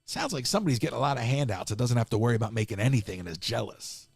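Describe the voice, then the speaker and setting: Animated, gravelly man ranting on a stream. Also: medium pitch, very fast, no room sound, studio quality. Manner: exasperated, animated ranting with many restarts. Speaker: live-stream host. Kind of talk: casual live-stream rant.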